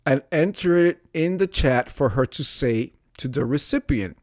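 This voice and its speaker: A man's voice: mid-range voice, lively intonation, moderate pace, few pauses, darkish tone, dry recording, clean studio sound. A man casually reading out an online confession and commenting on it, often amused and laughing. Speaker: social media host reading confessions.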